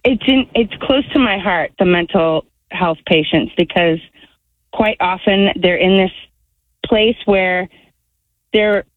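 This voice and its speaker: A woman's voice: mid-range voice, takes it slowly, dry recording. A woman calling in to a radio show, speaking in a hesitant, rambling way. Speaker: caller. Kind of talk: call-in radio talk. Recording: tinny phone line.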